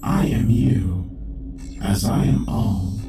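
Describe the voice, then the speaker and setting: A man voicing an eerie disembodied computer intelligence that speaks slowly in a hushed, cryptic way. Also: lowish voice, gravelly, echoey room, recorded from a distance, loud music behind the voice.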